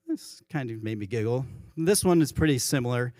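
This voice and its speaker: A worship pastor giving a conversational church sermon, often correcting himself mid-sentence. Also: male voice, mid-range voice, expressive, normal speed, few pauses, warm tone, no room sound, clean studio sound. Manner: conversational, self-correcting, chuckles at his own examples. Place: church sanctuary.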